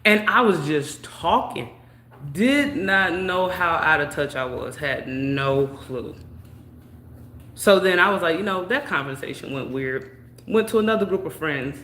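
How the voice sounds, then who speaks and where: A young woman casually telling a personal story in a chatty, drawn-out way, peppered with "you know". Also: on the low side, animated, fairly bright tone, a little hiss or hum. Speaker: vlogger. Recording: echoey room.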